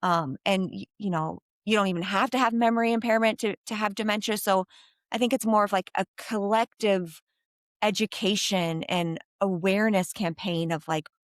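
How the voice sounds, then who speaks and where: A woman geropsychologist answering interview questions in a thoughtful, animated way, with frequent fillers. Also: medium pitch, moderate pace, no echo, studio quality. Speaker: geropsychologist guest.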